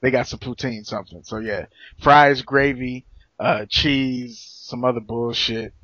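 A man's voice: medium pitch, steady tone, a little slow, fairly bright tone, dry recording, dull audio. A man co-hosting a podcast, talking in a playful, teasing way and laughing often. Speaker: podcast co-host. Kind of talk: casual chat.

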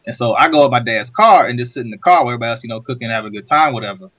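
A man, a podcast co-host, telling a childhood story in casual chat, animated and acting out loud outbursts. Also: mid-range voice, rapid-fire, dry recording. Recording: dull lo-fi sound.

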